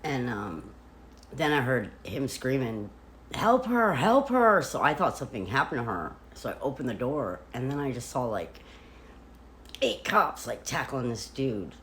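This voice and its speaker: A woman vlogger chatting casually from a hotel room, retelling events in an animated way with lots of "like.". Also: extremely low pitch, moderate pace, slight background noise. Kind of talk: casual storytelling.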